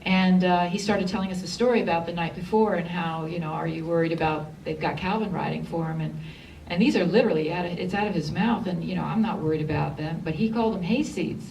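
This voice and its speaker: A woman screenwriter telling lively stories at a cinema Q&A, acting out the quotes. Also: lowish voice, fast, vocal fry, slight background noise. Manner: animated storyteller, acts out quotes. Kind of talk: Q&A storytelling on stage. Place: cinema theatre. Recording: far from the mic.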